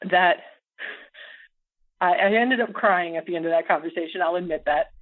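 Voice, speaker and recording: A middle-aged American woman telling a story as a podcast guest, animated and laughing often. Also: on the low side, normal speed. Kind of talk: casual storytelling interview. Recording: phone-like audio.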